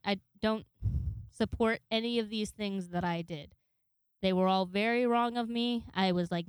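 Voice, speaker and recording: Smooth-voiced young woman telling a wild story. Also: mid-range voice, no room sound. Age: 20s. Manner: rambling, profane, laughs often. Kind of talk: casual storytelling.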